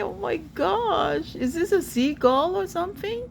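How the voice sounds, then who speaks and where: A woman vlogging in excited casual chat, cooing sweetly and calling out pleadingly. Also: a little slow, creaky, hardly any pauses, slight background noise. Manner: coos sweetly at a bird in a high voice; calls out pleadingly for her dad.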